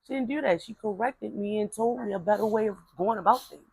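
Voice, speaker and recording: A woman's voice: medium pitch, fast, vocal fry, darkish tone, husky, no room sound, rough recording. A woman speaking, telling a family story in casual talk, rambling with repeated words and fillers and acting out relatives' voices. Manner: acts out voices of relatives in quotes.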